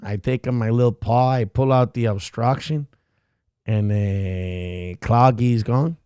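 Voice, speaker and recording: Man doing a foul-mouthed bragging house dog, mid pitch, dry close sound. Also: dark tone, smooth, dry recording. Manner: vulgar, bragging, belligerent. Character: crude boastful male pet dog.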